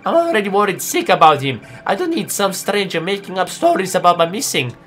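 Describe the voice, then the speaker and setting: A man's voice: sits high, very animated, brisk, fairly bright tone, pitched above the performer's own voice. A man voicing a grieving young man who is suspicious and angry, with a raised, accusing voice, reading game dialogue aloud.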